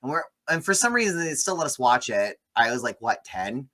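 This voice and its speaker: A man in his thirties hosting a casual movie review chat, retelling scenes in an animated way. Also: mid-range voice, fairly quick. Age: 30s. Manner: animated storytelling, acts out quoted lines. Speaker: movie review podcast host.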